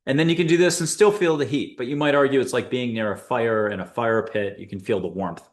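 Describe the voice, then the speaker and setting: A man hosting a spiritual show, guiding listeners through an exercise in a playful, upbeat, joking way with quick asides. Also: medium pitch. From United States. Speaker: host and angel intuitive. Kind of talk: guided spiritual talk to listeners.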